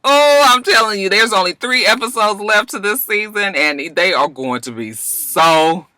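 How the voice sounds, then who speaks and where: A woman vlogger casually recapping a TV episode, animated and sassy, acting out the characters in different voices. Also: mid-range voice, moderate pace, no room sound.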